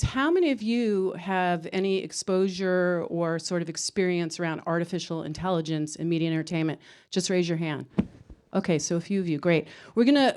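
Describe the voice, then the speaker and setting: A woman's voice: lowish voice, darkish tone, clean tone. A woman moderating a conference panel, introducing the panelists in a conversational, explanatory way to a live audience. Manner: conversational, explanatory, some fillers.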